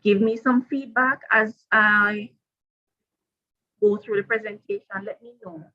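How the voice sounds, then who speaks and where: A woman presenting a professional development workshop to teachers, deliberate and repeating her key points. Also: mid-range voice, steady tone, pushed and bright, highs cut off.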